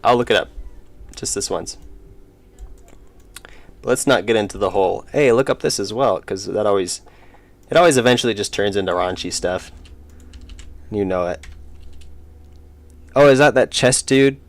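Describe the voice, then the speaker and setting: A man's voice: lowish voice, moderate pace, pauses often. A young man streaming his indie game work, rambling casually and reading chat aloud with self-deprecating jokes. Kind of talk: casual live-stream chat while working.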